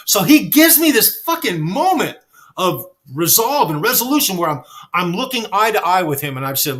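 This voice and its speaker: A man telling backstage stories in a casual chat, animated and swearing freely. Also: high voice, moderate pace. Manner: animated, acts out quoted dialogue, swears freely. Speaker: guest storyteller.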